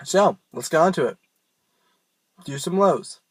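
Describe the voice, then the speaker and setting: A young man walks through screaming technique in a slow, unhurried drawl. His voice sits a little high for a man, and he rambles and pokes fun at himself. The small room around him sounds dry and close. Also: animated, no echo. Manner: rambling, self-mocking, loose and informal. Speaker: scream vocal tutor. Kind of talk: casual home tutorial.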